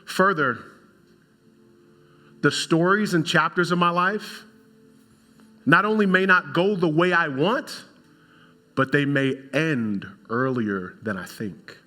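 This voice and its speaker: A man, a pastor, preaching a sermon in an animated way and talking straight to his congregation. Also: fairly high pitch, slow, long pauses.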